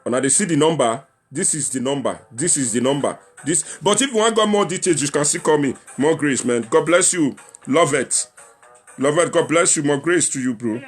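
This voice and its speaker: A man's voice: on the high side, expressive, normal speed, breathy edge, soft background music. Young Nigerian man hosting a livestream. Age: young adult. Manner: chatty, repetitive, mixes Pidgin slang, appeals to viewers. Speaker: livestream talk show host. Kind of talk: casual livestream chat.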